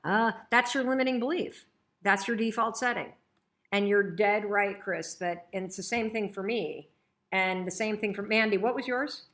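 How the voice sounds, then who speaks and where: A middle-aged woman hosting a motivational training session, talking in an energetic, chatty and emphatic way. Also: medium pitch, normal speed. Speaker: host and coach.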